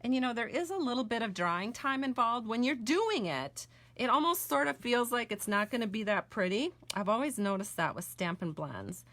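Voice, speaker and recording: A woman's voice: on the high side, expressive, moderate pace, few pauses, fairly bright tone. Chatty American woman teaching card-making. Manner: chatty, homey and self-correcting while coloring. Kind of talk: casual crafting tutorial with chat.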